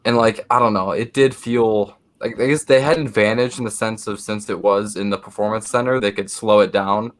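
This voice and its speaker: A man's voice: lowish voice, fairly even intonation, fairly quick, few pauses. A young man co-hosting a podcast, talking casually and hesitantly, often repeating himself. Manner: hesitant, lots of fillers and repeats. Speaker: podcast co-host. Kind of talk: casual chat.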